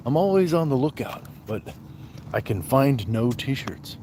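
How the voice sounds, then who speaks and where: A man's voice: medium pitch, very animated, measured pace, background noise. A man hosting a casual livestream. He jokes, greets viewers by name, reads out chat comments and counts his push-ups aloud. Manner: joking, talks to viewers by name. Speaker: livestream host.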